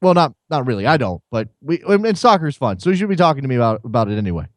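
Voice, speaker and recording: A man's voice: medium pitch, very animated, rapid-fire, dry recording. A man hosting a soccer call-in show in a radio studio, chatting casually in a wry, rambling way and often repeating words. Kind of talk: casual chat.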